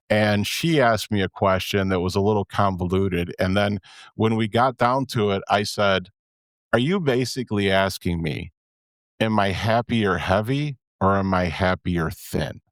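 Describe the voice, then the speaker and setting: A man's voice: on the low side, measured pace, no echo, studio quality. Candid, rambling man in his fifties. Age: 50s. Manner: candid, rambling, self-interrupting. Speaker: podcast host. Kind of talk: casual podcast chat.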